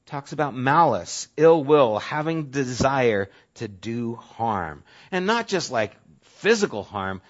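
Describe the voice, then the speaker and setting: A male pastor preaching a sermon in a casual, conversational way, sometimes dropping to a soft, low voice for emphasis. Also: big pitch swings, slow, hardly any pauses. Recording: dull lo-fi audio.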